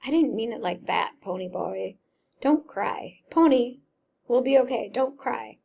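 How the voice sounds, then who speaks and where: Woman reading a scared guilty teen boy from a book, kinda high, a bit of fry. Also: lively intonation, a little slow, warm tone, heavily acted. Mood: comforting. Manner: plain reading voice with slight emotional lift. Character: frightened remorseful teenage boy, guilt-stricken.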